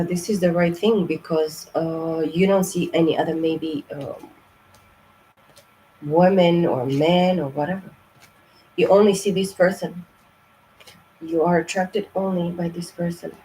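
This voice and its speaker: A woman's voice: low voice, mellow, slight background noise, poor audio. A woman giving a casual tarot reading, blunt and profane, rambling with lots of fillers. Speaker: tarot reader.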